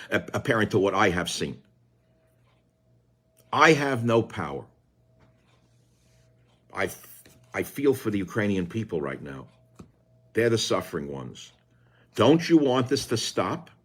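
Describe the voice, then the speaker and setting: An older man with a low voice, hosting a radio talk show and delivering a combative, sarcastic political monologue that swings from low mutters to shouts.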